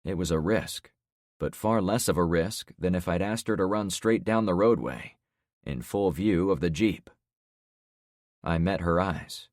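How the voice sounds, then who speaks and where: A man reading a survival thriller aloud in the first person, with a very low voice. His delivery is steady and dry, carrying the story evenly. The sound is close and free of room echo. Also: unhurried. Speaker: audiobook narrator. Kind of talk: scripted first-person narration.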